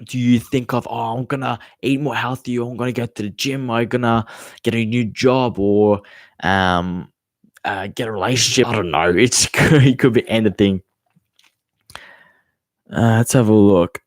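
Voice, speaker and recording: A man's voice: mid-range voice, steady tone, normal speed, no room sound. A nineteen-year-old Australian man hosting a casual podcast Q&A, rambling and swearing freely, calling listeners mate. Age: teens. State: hot and sweaty. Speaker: podcast host. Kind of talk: casual live Q&A chat.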